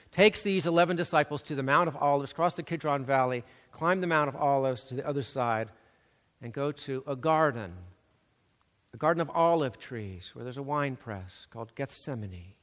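Mężczyzna, kaznodzieja, pogłos dużej sali. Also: male voice, mid-range voice. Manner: emphatic, swings from loud urgency to hushed softness. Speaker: pastor. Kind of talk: sermon. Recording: long reverb of a large hall.

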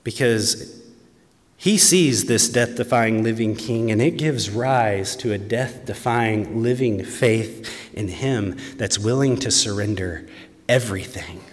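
A man preaching a sermon with earnest conviction, dropping to hushed tones and then rising to emphatic, raised passages. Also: on the low side, slow. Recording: long reverb from a large hall.

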